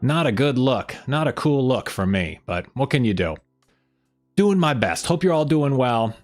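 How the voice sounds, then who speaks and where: A man hosting a weekly fan livestream in casual chat, energetic and rambling, with a hoarse voice he says he is losing. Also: mid-range voice, moderate pace, soft background music.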